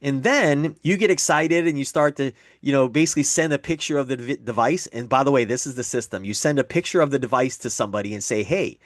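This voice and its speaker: Speaking fast with hardly a pause, a man walks through the numbers of a business presentation, repeating figures and performing example dialogues. The sound is clean studio audio with no room tone, and his pitch is medium.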